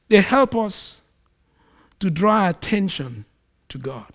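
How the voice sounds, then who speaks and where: Male preacher, slow and dramatic, bursts loud for acted quotes, somewhat higher voice. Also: very animated. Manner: dramatic swings in pitch and volume; acts out quoted speech in a raised voice. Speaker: pastor. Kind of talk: sermon.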